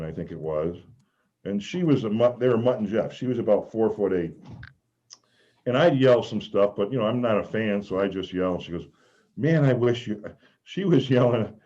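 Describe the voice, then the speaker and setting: A man telling rambling stories as a former mascot guest on a video call. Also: lowish voice. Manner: rambling, animated, shouts out quoted lines. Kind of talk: casual storytelling on a video call. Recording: dull lo-fi video call audio.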